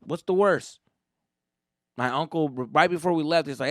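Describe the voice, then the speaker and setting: A male comedian hosting a podcast, telling a comic story in an animated, profane way and acting out quotes. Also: a little high, normal speed, pauses often, no room sound, studio quality.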